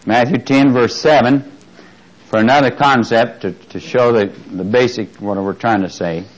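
Male preacher, mid-pitched, chatty sermon delivery, emphatic swells, quizzes the flock. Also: normal speed, low-quality recording. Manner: conversational, asks the congregation questions.

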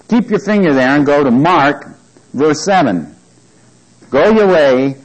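A medium-pitched man teaches a Bible study on a rough recording. He reads scripture with emphasis and often questions his listeners to make sure they're following.

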